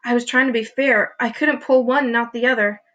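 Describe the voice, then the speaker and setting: A woman's voice: fairly high pitch, fairly even intonation, moderate pace, a bit bright, dull audio, lightly acted. A woman voicing a young schoolboy who protests earnestly, in a storybook read-aloud. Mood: protesting. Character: young schoolboy, tempted but stubborn.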